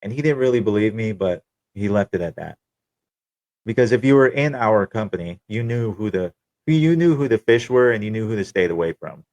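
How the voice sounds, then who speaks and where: A man's voice: on the low side, lively intonation, a little fast, darkish tone, dry recording, dull audio. A young man telling his own story on a podcast, candid, profane and wry. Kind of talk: casual personal storytelling.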